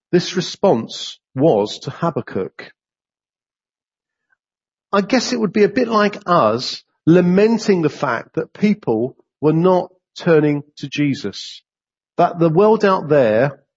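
A man preaches with a lively, swooping delivery that leaps upward when he voices complaints to God. His husky voice sits high for a man. The recording sounds dull and lo-fi. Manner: animated, rising sharply when voicing complaints to God. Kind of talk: sermon.

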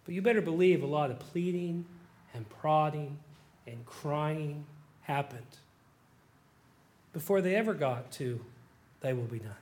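A middle-aged man preaching a sermon as pastor, moving from quiet musing to loud, impassioned pleading as he acts out prayers. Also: on the high side, unhurried, pauses often.

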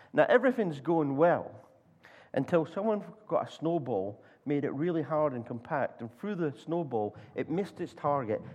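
Scottish preacher telling a lively story. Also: male voice, a little high. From Scotland. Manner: animated storyteller, acts out voices, halting restarts. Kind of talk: sermon with storytelling. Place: church.

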